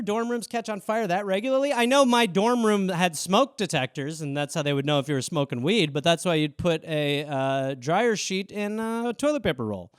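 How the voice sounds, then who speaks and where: A man's voice: high voice, no room sound, studio quality. A man, hosting a casual solo show and riffing loosely on viewer suggestions in a rambling, self-mocking way. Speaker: host.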